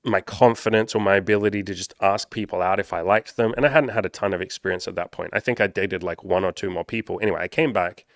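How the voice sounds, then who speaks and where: A man's voice: deep voice, quick pace, few pauses, no room sound, studio quality. A man, a dating coach, telling a personal story in a candid, rambling way and swearing freely. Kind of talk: casual storytelling monologue.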